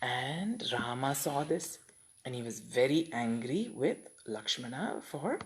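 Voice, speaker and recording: A woman's voice: extremely low pitch, animated, a little slow, slight background noise. A woman telling a story in a casual, chatty vlog style, voicing each character's thoughts as she goes.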